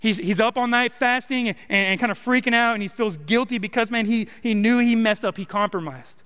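Young male preacher, smooth and high, in a reverberant church hall. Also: brisk, fairly bright tone. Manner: casual, joking preaching with many likes and rights. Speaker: college minister. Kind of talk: sermon. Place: church sanctuary.

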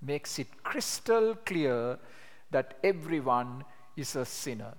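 An older man teaching a class on sharing the gospel, telling stories with animation and reading scripture slowly with emphasis. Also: medium pitch, big pitch swings. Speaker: evangelism trainer. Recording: long hall reverb.

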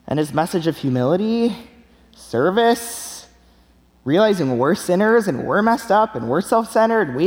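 A young man preaching a sermon in a church, telling stories with an animated, laughing delivery. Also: sits high, long reverb tail. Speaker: pastor.

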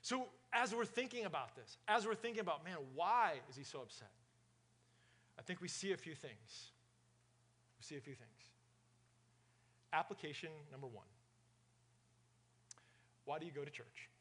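A man preaching a sermon to his congregation, energetic and often asking the room questions. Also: on the high side, moderate pace, pauses often, breathy edge. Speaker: pastor.

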